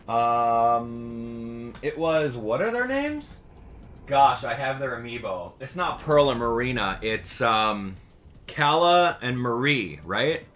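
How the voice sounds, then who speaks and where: A man hosting a live stream, chatting casually and excitably with his viewers and laughing often. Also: mid-range voice, a little hiss or hum. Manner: excitable, animated, laughs often, addresses chat directly. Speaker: livestream host.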